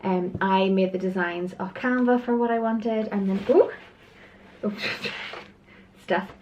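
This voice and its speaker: A woman's voice: mid-range voice, steady tone, slow pace, a little mellow, dull audio, a little hiss or hum. A woman talking in a casual, chatty vlog. She is out of breath, often apologizes, and sighs and laughs as she talks. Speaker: vlogger.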